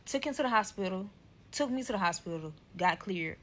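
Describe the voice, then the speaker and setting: A woman's voice: medium pitch, animated, fairly quick. A young woman telling a story time vlog, profane and emphatic, acting out quotes. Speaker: storyteller in a clip.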